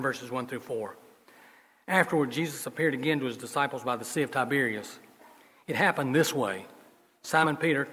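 Husky male pastor, folksy sermon delivery with loud and soft swings, long hall reverb. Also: mid-range voice. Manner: folksy storytelling, swings between loud emphasis and soft asides.

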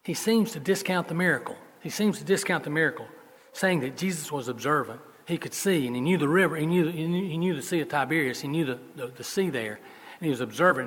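A man preaching a sermon as pastor, telling stories in a folksy way and moving between loud emphasis and soft asides. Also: mid-range voice, slightly rough. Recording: long reverb of a large hall.

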